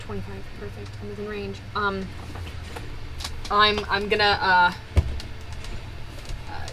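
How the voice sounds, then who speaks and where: A woman playing a tabletop game, excitable, who swears loudly when her rolls fail. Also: mid-range voice, slow pace, long pauses, soft background music, poor audio. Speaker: player. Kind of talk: casual tabletop game play.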